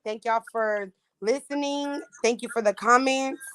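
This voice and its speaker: A young woman from Florida talking in a blunt, animated way, full of slang and profanity. Her voice sits a little high for a woman. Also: a little slow, clear, resonant tone. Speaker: audition contestant. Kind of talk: casual chat.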